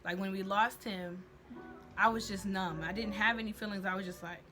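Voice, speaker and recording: A woman's voice: mid-range voice, fairly even intonation, normal speed. A young woman tells a personal story in a candid, slangy, faith-centered vlog. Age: young adult. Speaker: vlogger. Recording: music playing underneath.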